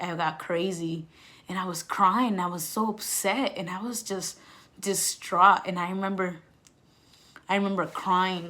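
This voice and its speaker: A young woman telling a personal story to her viewers, candid and emphatic, filling her talk with "like" and "you know" and swinging from loud outbursts down to soft near-whispers. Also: lowish voice. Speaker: vlogger.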